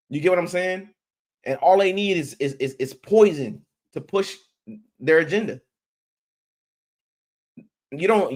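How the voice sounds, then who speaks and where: A man streaming a heated commentary rant, blunt and profane, who repeats his words and restarts sentences as he presses his point. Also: medium pitch.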